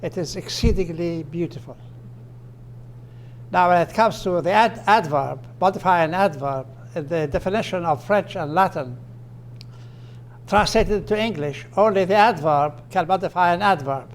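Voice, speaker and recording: Man lecturing on grammar, slow example phrases. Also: high voice, a little hiss or hum. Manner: slows down and stresses example phrases; explanatory, with fillers and restarts. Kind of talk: recorded lecture.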